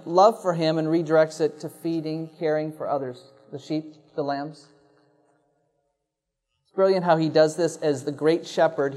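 Pastor, male, fairly high voice; earnest, reflective sermon with emphatic repeats. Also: warm tone.

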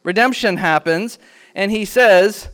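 A man teaching a children's Bible lesson in a church classroom, animated and quizzing the class with questions. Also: high voice, a little slow.

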